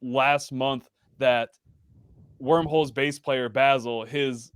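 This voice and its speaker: A man's voice: medium pitch, fairly even intonation, takes it slowly, smooth, dry recording. A man guest on a podcast chatting casually, rambling with lots of "like" and "um". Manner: rambling, full of "like" and "um". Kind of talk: casual chat.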